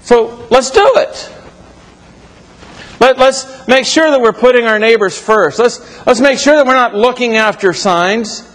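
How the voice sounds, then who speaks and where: A man's voice: extremely high pitch, measured pace, fairly bright tone. A man preaching a sermon to his congregation in a church, talking it through conversationally and correcting himself as he goes. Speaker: pastor. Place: church sanctuary. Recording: reverberant hall.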